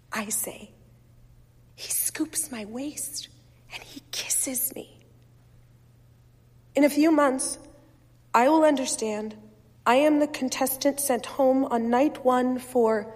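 Slow, husky woman reading fiction. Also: fairly high pitch, in a large hall. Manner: measured, wistful, softly expressive. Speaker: reader. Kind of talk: first-person literary fiction reading.

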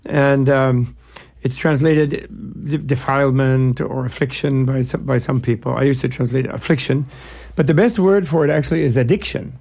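A man's voice: medium pitch, fairly even intonation, moderate pace, creaky, a little mellow. A man as an interview guest, explaining ideas in a discursive, digressive way with playful analogies. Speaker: guest, Buddhist scholar.

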